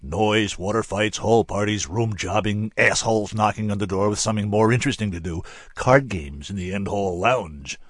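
A man's voice: on the low side, normal speed, no room sound, close to an everyday voice. A man reading a big, bearded male student in an audiobook story, talking in a verbose, pompous and dry way.

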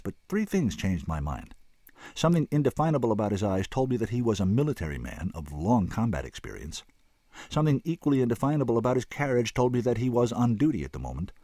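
A man narrating a first-person audiobook in an expressive storytelling manner. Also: fairly low pitch, no room sound.

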